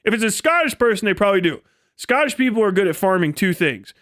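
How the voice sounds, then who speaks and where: A man with a fairly high voice, hosting a live stream. He rants in a rambling, profane, mocking comedic style, and breaks into laughs now and then. The recording is dry and close, with no room echo. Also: sing-song, quick pace, a bit bright. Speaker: livestream host.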